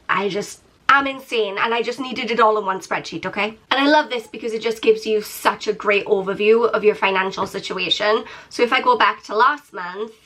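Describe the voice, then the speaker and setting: A woman's voice: medium pitch, a bit bright. A British woman in her thirties, sick and nasal, chatting in a playful, self-mocking way on her budgeting vlog. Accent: British English. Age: 30s. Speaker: YouTuber.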